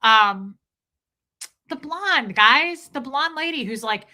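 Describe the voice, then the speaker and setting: A livestream host with a high voice, lively intonation, a slow pace and a bright, forceful tone chats casually with her viewers. She reads their comments and gushes over favorite movies, exclaiming and quoting film lines.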